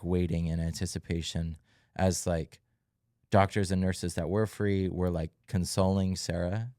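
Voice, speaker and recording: Casting note: young male podcast co-host, very low and even voice, halting, dry close sound. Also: dry recording. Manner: reflective, halting, many fillers. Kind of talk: casual testimony chat.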